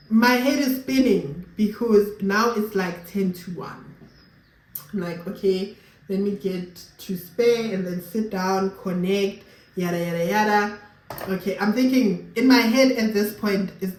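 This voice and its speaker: A woman's voice: medium pitch, a little mellow. A young South African woman with a South African accent, chatting casually to her viewers and slipping Sesotho phrases into her English. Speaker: vlogger. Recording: roomy with faint background noise.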